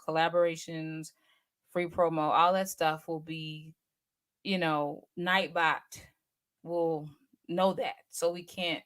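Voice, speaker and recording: A woman in her forties hosting a casual livestream, chatty and slangy, teasing and talking straight to her viewers. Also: fairly low pitch. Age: 40s. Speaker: livestream host.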